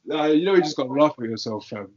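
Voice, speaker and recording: A man's voice: on the high side, lively intonation, fast, crowd noise. A young man, chatting casually about football in a slangy, emphatic way and repeating his points. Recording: dull lo-fi audio.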